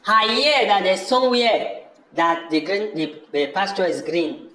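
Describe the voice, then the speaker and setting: A man's voice: high voice, expressive, unhurried, pushed and bright, full character voice. An actor playing a weary, hungry man who urgently urges his brother to move on, faltering a little as he speaks. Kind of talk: amateur audio drama acting. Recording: echoey room.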